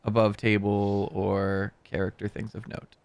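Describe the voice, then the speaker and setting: Male DM, middle pitch, gravel in the voice, dry close mic, calm organizer. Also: a little slow, no echo. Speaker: dungeon master. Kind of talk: running a tabletop game on stream.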